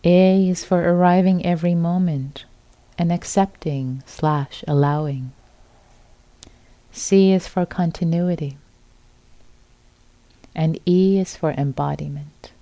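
A middle-aged woman giving a gentle, repetitive dharma talk as a meditation teacher at a retreat center. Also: on the low side, slow, long pauses, dry recording.

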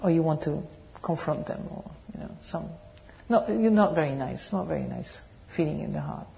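A woman with a French accent tinged with British English, giving a meditation talk and answering questions in a gentle, searching way. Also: deep voice, expressive, normal speed, gravelly. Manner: gentle, searching, laughs softly, asks the audience questions. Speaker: meditation teacher. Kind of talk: dharma talk with Q&A. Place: meditation hall.

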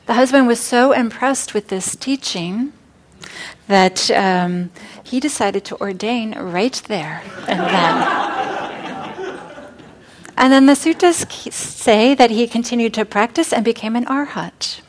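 A woman speaks at a mid pitch, unhurried and gentle as she retells an old teaching story. She pauses often and fills gaps with small hesitations. The talk is recorded in a meditation center hall. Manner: warm storytelling, hesitant fillers.

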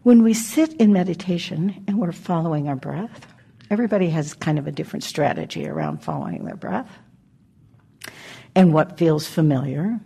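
An older woman gives a dharma talk in a low, gravelly voice with a husky edge. Her tone is mellow and dark. She speaks gently and reflectively, leaving pauses and laughing softly. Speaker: meditation teacher. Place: meditation hall.

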